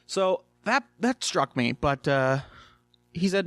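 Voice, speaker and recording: A man with a somewhat high voice talks through a cartoon episode in a loose, rambling way, filling gaps with fillers. The sound is dry and close, with no room echo. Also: expressive, takes it slowly, a bit bright. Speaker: reviewer. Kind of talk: casual episode review.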